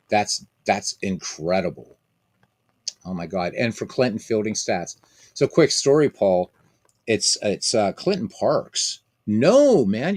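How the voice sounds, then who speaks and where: A man with a low voice hosts a casual stream of a baseball simulation game. He rambles in a chatty way, piling up ums and restarts as he talks to his viewers. The sound is dry and close, with no room echo.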